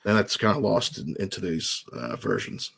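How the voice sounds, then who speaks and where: Low-voiced easygoing male guest. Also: big pitch swings, normal speed, gravelly, a bit bright, husky. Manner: easygoing, rambling, many fillers. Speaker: guest, horror recap creator. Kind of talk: casual chat.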